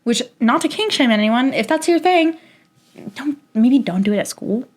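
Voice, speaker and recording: Animated young woman podcast host. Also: sits high, normal speed. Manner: animated, laughs often, acts out quotes. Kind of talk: casual chat and storytelling.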